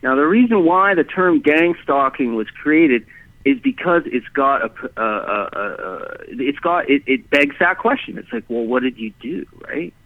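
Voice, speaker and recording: A man talks a guest's story over a thin, phone-like line, rambling and circling back with restarts and "you know"s. His voice sits a little higher than most men's. The sound is dry and close, with no room around it. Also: very animated, normal speed, no room sound. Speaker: guest telling his experience. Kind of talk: casual storytelling in conversation.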